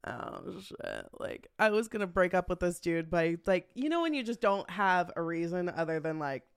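A woman comedian chatting as a podcast guest, telling stories in a quick, joking way and swearing freely. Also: on the low side, lively intonation, smooth, no room sound, clean studio sound. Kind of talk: casual podcast chat.

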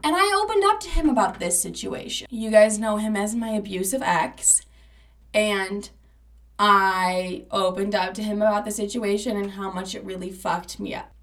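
A woman's voice: medium pitch, normal speed, fairly bright tone. A young woman hosts her own podcast and tells her story bluntly, cursing freely and leaning hard on her words. Her voice sits a little back from the mic. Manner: candid and profane, emphatic. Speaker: podcast host. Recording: voice a bit distant from the mic.

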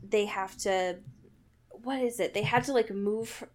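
A woman's voice: mid-range voice, measured pace. A woman in casual chat, recapping a book with sarcasm and frequent laughter. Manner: sarcastic, laughs often, reads passages in mock voices. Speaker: podcast co-host.

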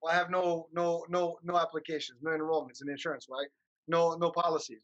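A man's voice: a little high, level tone, fairly quick, a bit bright, lo-fi sound. A man hosting a podcast, upbeat and talkative, asking long rambling questions. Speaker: podcast host. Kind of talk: casual interview chat.

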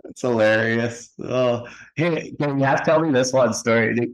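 A man hosts a casual podcast chat, relaxed and easygoing. He keeps the talk moving by prompting his guest with questions, in a voice of ordinary male pitch. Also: moderate pace, low-quality recording. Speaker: podcast host.

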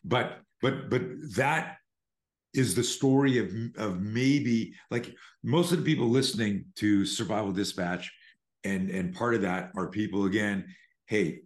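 Deep-voiced older man telling a story. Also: measured pace, reverberant. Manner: animated storyteller, acts out quotes. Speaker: self-defense instructor, guest. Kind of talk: storytelling interview.

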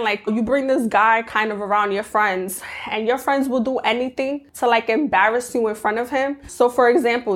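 Animated young woman giving friendship advice. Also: fairly high pitch. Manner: animated, acts out quoted friends in mocking voices. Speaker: podcast host. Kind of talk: casual advice monologue.

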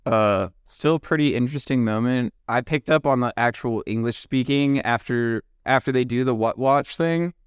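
A man co-hosts a relaxed film podcast with an easygoing, buddy-style manner. His voice is smooth and clear at an average pitch. The sound is dry and up close. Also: moderate pace, hardly any pauses, no room sound. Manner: laid-back, chummy, says "dude". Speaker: podcast co-host. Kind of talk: casual film discussion.

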